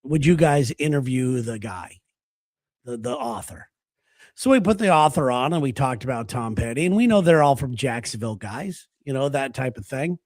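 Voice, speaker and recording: A man's voice: medium pitch, lively intonation, moderate pace, darkish tone, dry recording, studio quality. A man hosting a casual talk show, telling stories and laughing as he talks. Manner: storytelling, laughs while talking. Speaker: radio show host. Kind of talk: casual chat.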